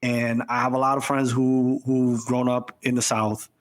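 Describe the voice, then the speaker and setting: A man of ordinary pitch talking on a podcast. He argues bluntly and emphatically, hammering the same point again and again. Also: level tone, measured pace. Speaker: podcast co-host. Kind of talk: casual chat.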